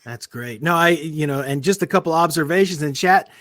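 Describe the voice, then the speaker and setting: Relaxed man hosting on a dry mic. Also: fairly high pitch, brisk, no echo. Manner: relaxed, hesitant, many fillers and restarts. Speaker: podcast host. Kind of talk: casual interview chat.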